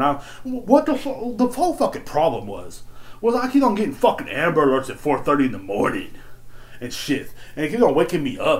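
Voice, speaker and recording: Profane, rambling podcasting man. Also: mid-range voice. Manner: excitable, jumps between loud outbursts and mutters. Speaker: podcast host. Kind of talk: casual solo podcast rant.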